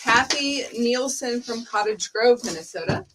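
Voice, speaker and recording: A woman's voice: a little high, lively intonation, measured pace, fairly bright tone, slight background noise, rough recording. A woman helping at a live prize drawing, reading out names and sometimes tripping over place names. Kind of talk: casual live-stream chat.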